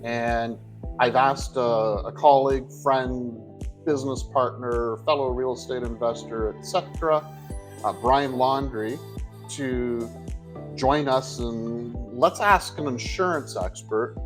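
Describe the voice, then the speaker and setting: A man's voice: mid-range voice, measured pace, over music, rough recording. A man hosting an interview, talking in a rambling, self-correcting, friendly way. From Canada. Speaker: host, tax accountant. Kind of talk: casual interview talk.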